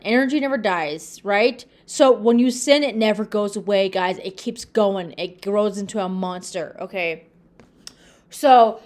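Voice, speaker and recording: A woman's voice: on the high side, normal speed. A woman casually and earnestly retelling Bible stories to her viewers, full of restarts and acted-out quotes. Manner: earnest, repetitive, addresses viewers as "you guys"; many restarts and fillers, acts out quoted lines. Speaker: religious video host. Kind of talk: casual Bible talk to camera.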